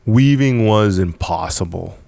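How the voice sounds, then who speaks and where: A man with a deep voice recounts his story to a podcast host. His delivery is emphatic and punchy, and he hammers points home by repeating them. The sound is dry and close, with a gravelly edge. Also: animated, a little slow, darkish tone, no echo. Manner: emphatic, repetitive, punchy storytelling with frequent laughs. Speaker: podcast guest, business founder. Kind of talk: casual storytelling in conversation.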